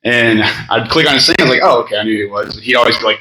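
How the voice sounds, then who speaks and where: A man's voice: lowish voice, fairly even intonation, racing, few pauses, sharp tone, reverberant, low-quality recording. A man in his thirties giving a rambling, story-filled memorial speech with fillers and laughter. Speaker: eulogy speaker. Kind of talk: memorial speech with personal stories. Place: memorial gathering in a room.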